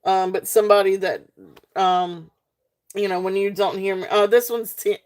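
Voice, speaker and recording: A woman's voice: medium pitch, fairly even intonation, moderate pace, a little mellow. A woman with a Southern US accent hosting a live sale, chatting casually with many ums and frequent giggles. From Southern United States. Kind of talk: casual live-stream selling.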